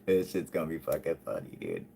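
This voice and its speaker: Deep-voiced, foul-mouthed man hosting a live stream. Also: very animated, fairly quick, gravelly, mellow, slight background noise. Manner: swears constantly, laughs often, reads chat aloud. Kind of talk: casual live-stream chat.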